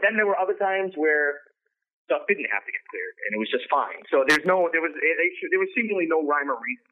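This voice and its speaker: A man's voice: on the high side, expressive, brisk, a little hiss or hum. A man talking casually as an interview guest, rambling with restarts and acting out quoted lines in a raised voice. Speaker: guest, wrestling commentator. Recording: tinny phone-like line.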